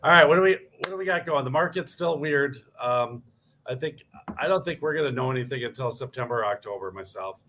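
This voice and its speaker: Man, middle pitch, easygoing, casual radio chat, faint background noise. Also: a little fast, sharp tone. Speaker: radio show co-host.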